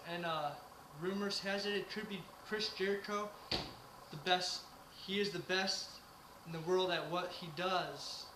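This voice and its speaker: A man's voice: high voice, fairly even intonation, measured pace, few pauses, noisy background. Hesitant man in an echoey room. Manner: hesitant, lots of uh fillers. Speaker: co-host. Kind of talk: casual wrestling prediction chat.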